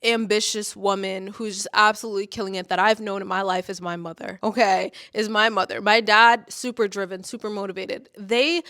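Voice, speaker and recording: A woman's voice: mid-range voice, fairly even intonation, brisk, hardly any pauses, fairly bright tone. Earnest chatty young woman vlogger. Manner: earnest, chatty, full of "like" and "okay?". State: tearful and emotional while talking about her mother. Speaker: lifestyle vlogger. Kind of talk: casual motivational talk to camera. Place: indoors, filming herself.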